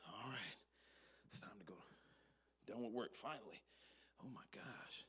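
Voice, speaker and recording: A man playing a tired worker who keeps hiding his burdens, talking in nervous hushes and whispers. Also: lowish voice, unhurried, breathy edge, exaggerated voice. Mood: hushed nervous. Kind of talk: sketch acting.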